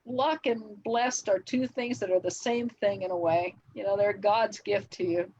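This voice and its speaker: An older woman, a television writer, telling relaxed anecdotes as an interview guest, laughing often between fillers. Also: medium pitch, moderate pace, highs cut off. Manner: reminiscing, frequent laughs and fillers.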